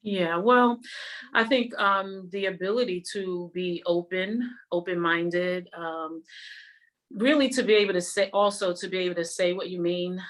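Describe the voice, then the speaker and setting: A woman's voice: fairly low pitch, measured pace. Woman explaining communication skills as guest. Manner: explanatory, demonstrates emphasis with examples. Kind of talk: conversational interview.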